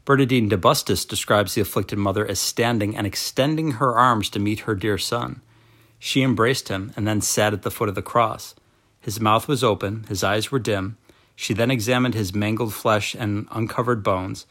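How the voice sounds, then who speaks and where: A man with a fairly low voice reads a devotional text aloud. His delivery is slow and measured, with a solemn tone throughout. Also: steady tone, fairly bright tone. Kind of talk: reading a devotional book aloud.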